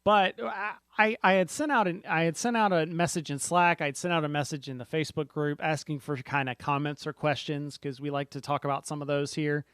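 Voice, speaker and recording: A man's voice: a little high, steady tone, a little fast, hardly any pauses, a bit bright, clean tone, no echo, clean studio sound. A man co-hosting a casual board game podcast, rambling and often restarting his sentences. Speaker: podcast co-host.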